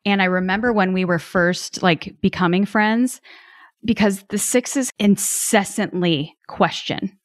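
A woman hosting a casual podcast conversation, blunt and frank, who swears freely and acts out quick asides. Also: mid-range voice, no room sound, clean studio sound.

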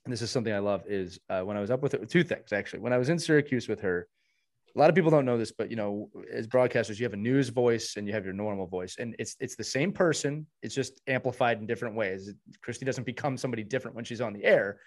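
A man hosting a hockey podcast, chatting casually and warmly, with frequent restarts and repeated words. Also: medium pitch, fast. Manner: warm, rambling, many restarts. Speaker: podcast host.

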